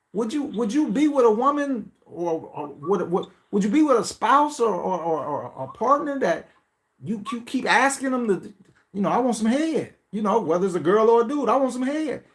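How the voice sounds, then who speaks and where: A very high-pitched man hosts a podcast, delivering a casual, profane monologue. He swings between mocking, pleading voices and blunt asides.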